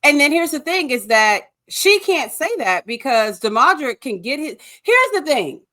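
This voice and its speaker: A woman's voice: sits high, big pitch swings, normal speed, bright, forceful tone. A woman guest in a casual chat, blunt, sarcastic and often swearing. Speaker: guest co-host. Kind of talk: casual chat recapping a show.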